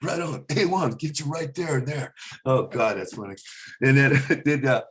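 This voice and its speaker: Stand-up comedian, male, mid-pitch, very lively intonation; rambles, restarts, drops into impressions. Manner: slips into quick celebrity impressions mid-story; rambling, restarts sentences often. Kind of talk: animated storytelling.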